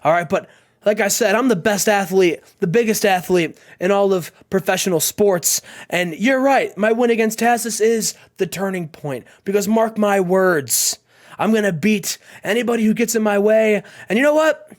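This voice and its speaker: Man playing boastful giant wrestler, loud promo, high-pitched, game playthrough. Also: normal speed, close to an everyday voice.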